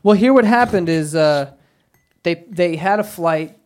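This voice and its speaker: A man hosting a podcast, telling a story in casual chat with lots of swearing and animated asides. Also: high voice, unhurried. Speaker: podcast host.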